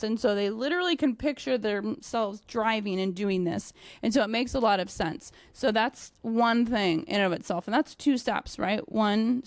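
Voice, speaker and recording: A young woman dog trainer talks casually about how she teaches her clients, with a voice that sits a little high. She is blunt and animated and swears freely. The recording is dry and close, with no room sound. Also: a little slow, no room sound.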